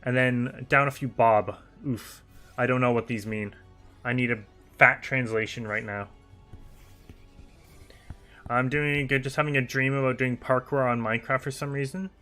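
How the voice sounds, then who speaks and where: Guy streamer, young, bright clear voice, chatty and animated, laughs a lot, faint music under him. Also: mid-range voice, normal speed, pauses often. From United Kingdom. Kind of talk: casual livestream chat reading viewer messages.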